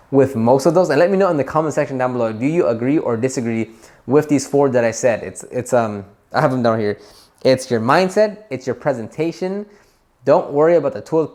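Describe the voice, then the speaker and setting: Guy talking to camera about running a business, fired up, lots of "like" and "um", normal mid voice. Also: medium pitch. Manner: animated, emphatic, repeats himself with many fillers. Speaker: detailing business channel host. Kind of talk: casual advice vlog to camera.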